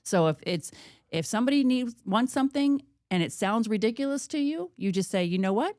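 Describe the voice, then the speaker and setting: A woman co-hosting a real estate podcast, telling a personal story in a lively, chatty way. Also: fairly high pitch, a little fast, no room sound, clean studio sound. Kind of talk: casual podcast chat.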